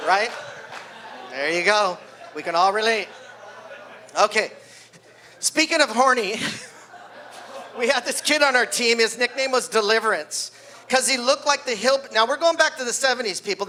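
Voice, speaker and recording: Older guy in his 60s doing stand-up, high bright voice, acts out the kids. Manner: animated storyteller, acts out kids' voices. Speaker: wrestling coach doing stand-up. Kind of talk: stand-up comedy at a party. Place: party venue with live audience.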